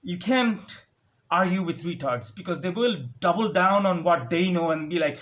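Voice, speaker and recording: A man's voice: high voice, expressive, normal speed, fairly bright tone. A young man ranting sarcastically at home into a phone, mimicking others with a raised voice. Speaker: vlogger. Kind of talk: casual ranting monologue. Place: home, indoors.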